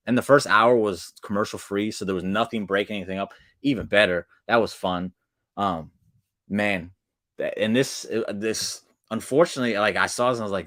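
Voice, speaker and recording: A man hosting a casual wrestling recap, talking excitedly in slang and acting out quotes with sudden jumps in pitch. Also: moderate pace, no echo, clean studio sound.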